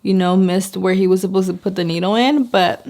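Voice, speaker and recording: A woman's voice: mid-range voice, a little fast, darkish tone. A young woman telling a personal story in a casual vlog, chatty, with a lot of "like", and acting out what people said. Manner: chatty, lots of "like", acts out quotes. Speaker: beauty vlogger.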